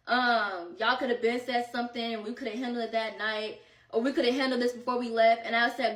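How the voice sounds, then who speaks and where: A woman with a slightly high voice tells a chaotic trip story in a loose, slangy storytime style, sounding exasperated and a little out of breath. She is recorded in an echoey room with the mic set some way off. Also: brisk, distant mic. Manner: animated, slangy, exasperated retelling. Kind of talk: casual storytime.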